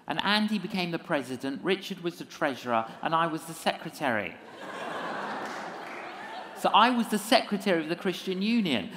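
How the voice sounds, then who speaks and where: A man's voice: fairly high pitch, normal speed, a little hiss or hum. A man telling a story in a lecture, acting out dialogue with humour. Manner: animated, acts out dialogue with humour. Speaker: evangelist speaker. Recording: long hall reverb.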